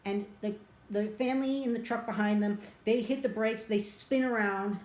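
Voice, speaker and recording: A woman's voice: mid-range voice, steady tone, normal speed, a little mellow. A woman casually retelling a movie plot as a reviewer, rambling and chatty with plenty of filler words. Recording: roomy echo.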